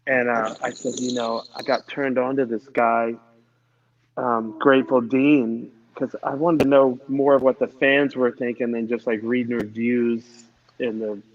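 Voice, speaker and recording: A man talking through earbuds, telling a story in a relaxed, rambling way with many fillers. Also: medium pitch, unhurried, dull audio. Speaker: musician guest. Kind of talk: casual storytelling chat.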